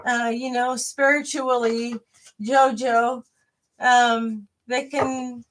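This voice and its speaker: A woman doing a live tarot reading, her voice sitting a little high. She talks slowly, drifting and restarting with lots of fillers, chatty with her viewers. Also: level tone, a bit bright. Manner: hesitant, rambling, many fillers and restarts. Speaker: tarot reader.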